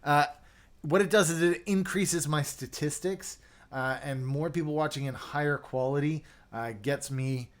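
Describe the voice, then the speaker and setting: A man's voice: fairly high pitch, a little slow. Chatty man hosting a livestream. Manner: chatty, reads out viewer comments, many fillers and restarts. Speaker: livestream host. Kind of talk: casual live chat.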